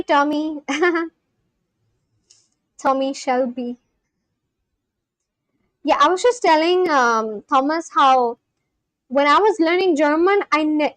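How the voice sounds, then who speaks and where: A young woman hosting a livestream, chatting casually with viewers, laughing often and correcting herself with quick apologies. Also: high voice, fairly bright tone, no echo. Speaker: livestream host. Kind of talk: casual chat reading live chat aloud.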